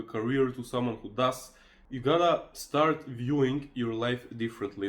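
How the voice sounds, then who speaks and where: A man speaking to camera in a casual, earnest motivational monologue, persuasive and loose with fillers. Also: mid-range voice. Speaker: motivational vlogger.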